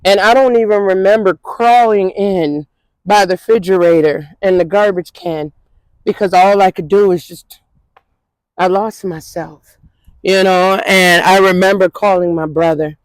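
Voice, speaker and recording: Speaking at a normal pace in a steady, mid-range voice, this Twin Cities woman recounts an emotional personal story as an interview guest, repeating herself conversationally and often saying "you know what I'm saying." The recording is rough, with no room sound.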